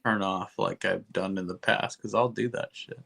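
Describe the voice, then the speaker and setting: A man co-hosting a podcast, rambling through a comic book recap with lots of swearing and quick character asides. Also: low-pitched, fairly even intonation, gravelly, fairly bright tone, breathy edge. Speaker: podcast co-host.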